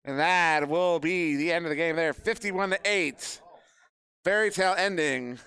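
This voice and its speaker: A man with a fairly high voice and a smooth, resonant tone does live play-by-play for an esports match. He chats loosely and jokes with people in the room between calls. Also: a little slow, pushed and bright. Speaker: esports caster. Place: live event venue.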